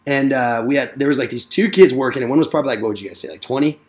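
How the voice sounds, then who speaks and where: A man's voice: mid-range voice, very fast. A man casually telling a rowdy story to friends, swearing often and acting out the voices. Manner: profane, animated storyteller.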